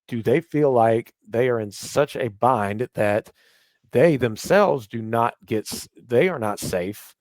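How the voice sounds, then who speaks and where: A man from the United States with a voice of ordinary pitch talks as a podcast guest. He trains police officers and explains his ideas earnestly and at a measured pace. The recording is close and dry. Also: lively intonation, a little mellow, no echo. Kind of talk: casual podcast interview.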